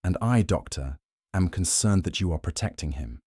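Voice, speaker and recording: A man voicing a shrewd, fastidious Belgian detective who talks in a courteous, probing way and slips in French phrases. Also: low-pitched, animated, a little mellow, slightly rough, no echo, studio quality.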